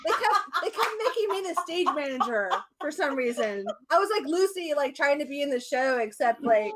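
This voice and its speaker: A woman's voice: sits high, sing-song, a little fast, very noisy. A woman co-hosting a cooking livestream in casual chat, joking at her own expense and laughing often. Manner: self-mocking and laughing. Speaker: co-host.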